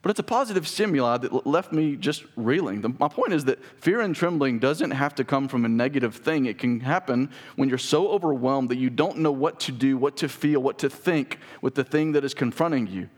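Animated pastor telling stories. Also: male voice, mid-range voice, fairly quick, few pauses. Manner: animated storyteller, drops to soft intimate tone. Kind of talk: sermon with personal storytelling.

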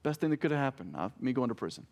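A man's voice: medium pitch, big pitch swings, very fast, darkish tone. Conversational man preaching. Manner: conversational preaching with family anecdotes and self-corrected jokes. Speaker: pastor. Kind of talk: sermon.

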